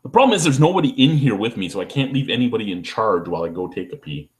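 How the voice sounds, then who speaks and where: A man's voice: medium pitch, sing-song, fast. A man, rambling through profane stories in a casual vlog, with lots of restarts. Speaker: beer review vlogger. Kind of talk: casual storytelling.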